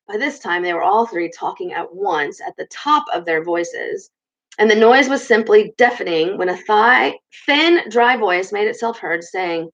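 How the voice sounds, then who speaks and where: A woman's voice: mid-range voice, lively intonation, measured pace, fairly bright tone, muffled recording. A woman reading a children's book aloud, stopping to comment casually on the story. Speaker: storybook reader.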